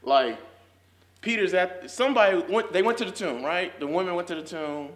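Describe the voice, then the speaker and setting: In an echoey room, a young man leads an informal Sunday school Bible lesson in a high-sitting voice at normal speed. His slangy speech is full of "like"s, he laughs a lot, and his fervor builds until he's close to shouting.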